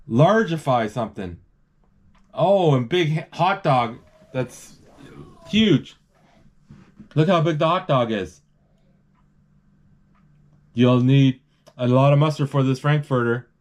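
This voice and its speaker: A man's voice: fairly high pitch, a little mellow. Casual man narrating a movie live. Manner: rambling, stops and restarts, reads out lines. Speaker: movie describer.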